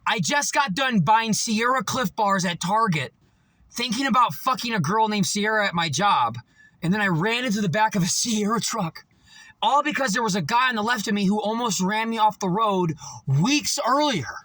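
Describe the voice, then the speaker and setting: A motivational vlogger with a high voice rambles through a profane monologue at normal speed. He tells stories animatedly, full of fillers, with no room sound.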